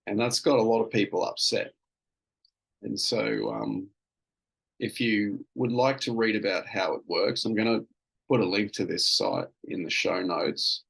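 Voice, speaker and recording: A man's voice: fairly low pitch, fairly even intonation, measured pace, vocal fry, fairly bright tone, breathy edge, rough recording. A man hosting a casual solo podcast, telling an everyday story in a rambling, self-amused way with plenty of fillers and restarts. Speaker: podcast host.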